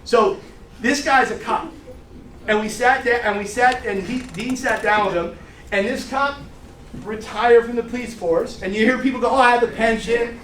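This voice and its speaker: A middle-aged man with a fairly high voice runs a brash, salty sales training session. He sounds distant and echoey, as if a mic across the room caught him. A faint hiss of room noise sits under his talk. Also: moderate pace, fairly bright tone. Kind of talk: energetic training talk with stories.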